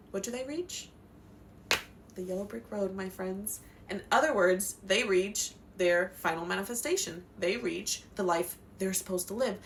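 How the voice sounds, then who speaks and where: A woman's voice: mid-range voice, slight background noise. Passionate slangy woman. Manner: passionate, slangy, swears, acts out quotes in voices. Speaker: spiritual advice vlogger. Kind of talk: casual motivational talk.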